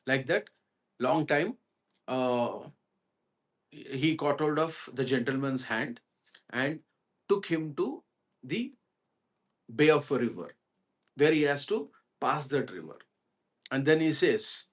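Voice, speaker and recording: A man's voice: mid-range voice, lively intonation, slow, long pauses. A man, a spiritual teacher telling a parable in a sermon and putting questions to his listeners. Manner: asks the audience questions while telling a parable. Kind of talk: storytelling sermon.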